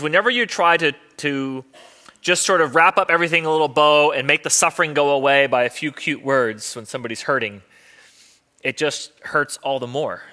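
A man's voice: a little high, fairly quick, pushed and bright. A man preaching a sermon as pastor in a conversational, earnest way with wry humor.

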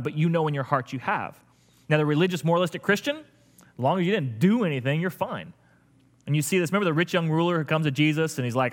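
A man's voice: high-pitched, a bit bright. A middle-aged man preaching a conversational sermon as a pastor, often repeating words while thinking aloud.

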